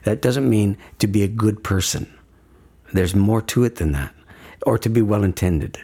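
A man with a husky, low-pitched voice talking in an earnest, emphatic way. He keeps pausing to check in with his listener. His delivery is unhurried, reflective conversation rather than a speech. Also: dark tone. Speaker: guest speaker on death and dying.

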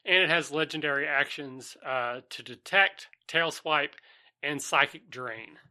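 A man's voice: on the high side, measured pace, pushed and bright. A man hosting a casual tabletop gaming podcast, chatting and reading out monster stats. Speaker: podcast host.

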